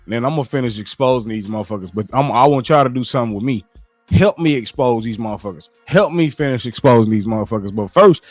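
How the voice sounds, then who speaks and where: A man hosting a livestream, ranting about football to his chat in a profane, animated, repetitive way. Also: medium pitch, quick pace, dry recording. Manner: profane, animated, repeats himself. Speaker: sports commentary streamer. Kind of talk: casual sports rant to live chat. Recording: dry close mic with faint music.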